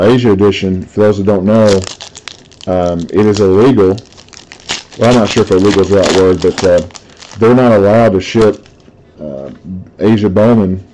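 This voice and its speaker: Chatty low-voiced man breaking cards. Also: dark tone, a little hiss or hum, low-quality recording. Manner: chatty storyteller, laughs easily, reads out cards. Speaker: card break host. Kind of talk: casual live card-break commentary.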